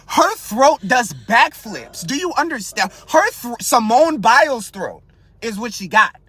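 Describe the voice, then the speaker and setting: A young man hosting a podcast, ranting in a crude, animated, comedic way and asking his listeners one rhetorical question after another. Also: very high-pitched, unhurried, slightly rough. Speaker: podcast host. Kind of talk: casual comedic rant. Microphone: podcast mic.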